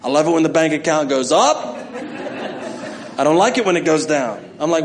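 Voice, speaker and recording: A middle-aged pastor preaches in a high, light voice. He works the room with self-mocking stories and playful acted-out asides, all in easy sermon rhythm. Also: animated, moderate pace, pauses often, crowd noise.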